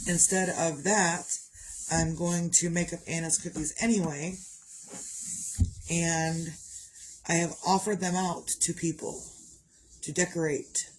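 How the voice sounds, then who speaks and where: A woman's voice: deep voice, a little hiss or hum, poor audio. A middle-aged woman talking through grief in a rambling, heartfelt personal vlog about her crochet projects. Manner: rambling, heartfelt, grieving mother. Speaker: vlogger, crocheter.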